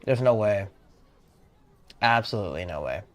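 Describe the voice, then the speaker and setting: A man's voice: on the low side, animated, normal speed, fairly bright tone. A man streaming a game, chatting casually, rambling and correcting himself with slang. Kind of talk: casual gameplay commentary.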